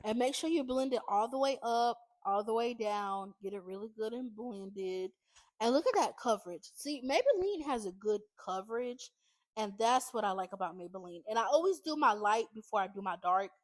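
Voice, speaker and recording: A chatty woman doing a casual makeup tutorial, her voice sitting fairly high. She keeps checking in with viewers, tossing in y'all and okay. The sound is close and dry, with no room behind it. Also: expressive, normal speed, no room sound. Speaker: beauty vlogger.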